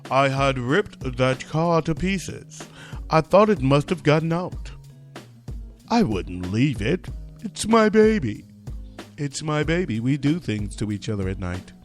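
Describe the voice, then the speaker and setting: A man playing a creepy, lovesick snake owner who speaks slow and low. Every word drags with odd tenderness. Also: big pitch swings, soft background music.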